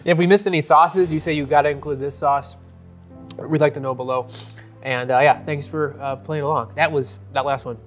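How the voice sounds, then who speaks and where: Earnest, upbeat college admissions dean. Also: male voice, a little high, fairly even intonation, normal speed, soft background music. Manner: earnest, upbeat, with frequent fillers. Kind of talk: casual promotional chat.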